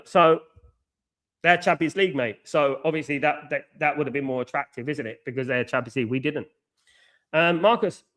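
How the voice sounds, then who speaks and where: A man hosting a live watchalong, outspoken and animated, reading chat and ranting with lots of "you know what I mean.". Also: mid-range voice. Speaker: fan channel host.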